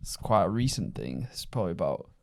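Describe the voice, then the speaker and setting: A man's voice: low voice, sing-song, fast, vocal fry, no echo, clean studio sound. Young man telling stories on a podcast. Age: young adult. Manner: casual, storytelling, laughs at himself. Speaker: podcast co-host. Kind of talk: casual podcast chat.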